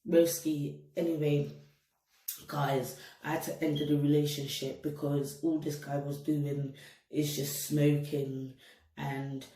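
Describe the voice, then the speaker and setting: A woman's voice: low voice, takes it slowly. Slangy young woman, roomy and distant. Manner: animated, slangy, addresses viewers directly. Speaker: vlogger. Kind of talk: casual storytime monologue. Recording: roomy echo, set back from mic.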